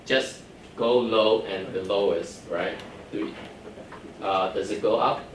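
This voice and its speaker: This is a classroom lecture: a man with a lowish voice teaches Chinese at a slow pace, walking through the rules patiently and making sure students understand. The recording picks him up from far off in an echoey room with faint noise.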